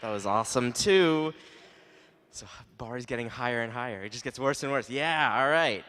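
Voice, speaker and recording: A man's voice: mid-range voice, lively intonation, moderate pace, fairly bright tone, smooth. A man moderating a conference session, jokey and encouraging as he calls up speakers. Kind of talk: casual hosting. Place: conference hall. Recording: echoey hall, murmuring audience.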